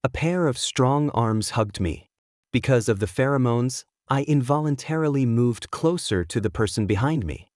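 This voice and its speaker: A man narrating a romance story in the first person, with a scripted, even storytelling delivery. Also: mid-range voice, moderate pace, no room sound, studio quality.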